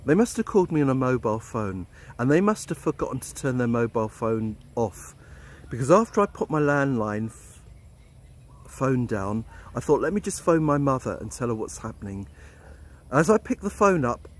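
A middle-aged man, an expat vlogger telling a personal story in a candid, blunt way. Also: medium pitch. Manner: candid, blunt, swears freely. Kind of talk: storytelling monologue.

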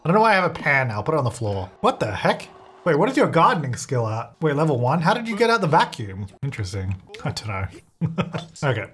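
A man's voice: mid-range voice, very animated, fast, a bit bright, slight background noise. A young man giving casual commentary while playing a life-sim game, chatty and reacting aloud with frequent laughs.

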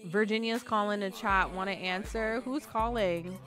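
A woman's voice: mid-range voice, moderate pace, fairly bright tone, faint music behind. A young woman giving casual, gossipy commentary over a life-sim game playthrough, swearing and laughing often. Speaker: let's play creator.

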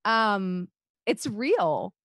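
A woman's voice: mid-range voice, drawn-out words. A young woman co-hosting a podcast, telling stories in casual chat with lots of "like" and frequent swearing. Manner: animated, frequent "like" fillers, swears. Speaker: podcast co-host.

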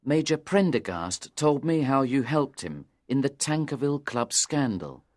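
Storybook casting: male voice for a nervous, earnest young man in his twenties, lively intonation. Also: medium pitch, measured pace, no echo, studio quality. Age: 20s. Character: nervous, pale young man seeking help. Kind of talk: storybook dialogue for English learners.

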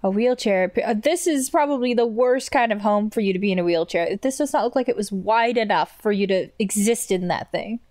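A woman's voice: medium pitch, brisk, hardly any pauses, a little mellow, no echo, studio quality. A woman streamer playing a game, reading and translating its lines aloud with casual, swearing jokes between them. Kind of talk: casual let's play commentary. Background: faint game music.

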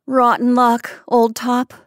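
A weak young woman in a storybook hospital bed, faint and worn out, slightly raised in pitch, as a woman reader plays her. Close, dry sound. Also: monotone, takes it slowly, dry recording. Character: weary, burned young woman, hard-living.

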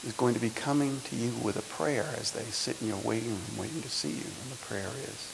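A man in his sixties giving a motivational speech to students, his delivery swinging between loud emphasis and soft, intimate lines. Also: mid-range voice, fairly quick, creaky, few pauses, background noise. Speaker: speaker. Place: lecture hall.

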